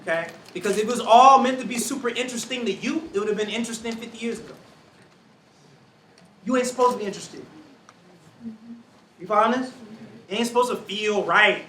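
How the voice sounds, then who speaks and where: A man talks to a room of college students in a loud, slangy, preacher-like way, acting out other people's voices. His voice sits high and bright. It sounds distant and echoey, with faint room ambience. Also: a little fast, long pauses, a little hiss or hum. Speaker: speaker to students. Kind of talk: energetic talk to college students. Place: large room with audience.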